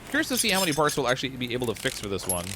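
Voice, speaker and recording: A man's voice: medium pitch, wildly swooping pitch, very fast, noisy background. A man casually chatting on a live stream while he plays a game, reading viewer comments and rambling with chuckles. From Canada. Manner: easygoing, rambling, with frequent "uh" and chuckles. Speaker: livestreamer playing a car repair game. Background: background music.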